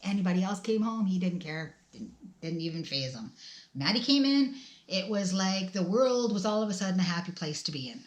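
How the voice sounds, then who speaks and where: A woman's voice: fairly low pitch, animated. Emotional middle-aged woman vlogging, echoey. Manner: halting, emotional, many restarts and trailing off. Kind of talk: tearful personal vlog talk.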